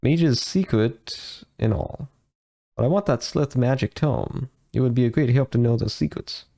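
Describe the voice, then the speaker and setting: A man's voice: mid-range voice, unhurried, creaky, warm tone. A man reading aloud the lines of a cheerful, short female mage, plainly and without a put-on voice. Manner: plain read-aloud delivery.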